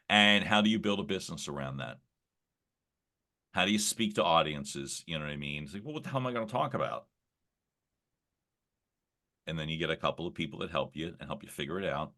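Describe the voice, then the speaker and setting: A man guesting on a podcast, talking in a reflective, rambling way with many fillers and restarts and a slightly gravelly early-morning voice. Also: deep voice, bright, forceful tone. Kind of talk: casual conversational interview.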